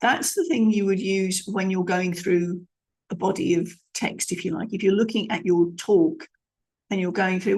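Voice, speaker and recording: A woman's voice: medium pitch, slow, creaky, long pauses, a little mellow. A middle-aged woman gives an emphatic lesson as a speaking coach, showing different tones of voice and often restarting her phrases. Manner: demonstrative, emphatic, with frequent restarts. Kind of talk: instructional talk on vocal tone.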